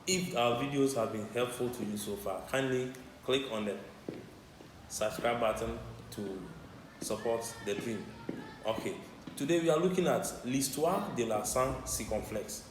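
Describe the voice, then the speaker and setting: Man, language teacher, halting explanatory delivery; reverberant room with clear background noise. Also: medium pitch. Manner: measured, halting explanation with repetitions and uneven pace. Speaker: French teacher. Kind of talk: language lesson.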